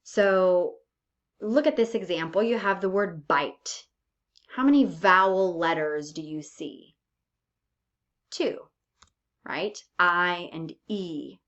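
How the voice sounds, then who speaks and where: A woman's voice: fairly low pitch, slow pace, pauses often, a bit bright. A woman teacher giving a recorded lesson, speaking patiently and drawing out her example words. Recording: dull lo-fi recording.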